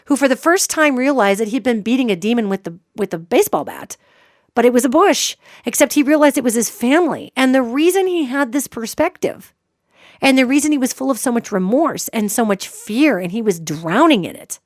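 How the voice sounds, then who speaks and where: A woman hosts a psychic radio show, telling a long story straight to her listeners. Her voice sits fairly high and sounds close and dry. She talks with emphasis and keeps checking in with the audience as she goes. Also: lively intonation, a little fast, dry recording.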